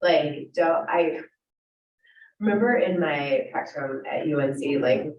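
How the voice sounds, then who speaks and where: A woman panelist with a cold chats casually, loose and full of fillers, with a lowish voice. She sounds distant in an echoing room, and the recording is dull. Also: unhurried. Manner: casual, chatty, laughing, many fillers. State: has a cold. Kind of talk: panel talk at a career event. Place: university event room.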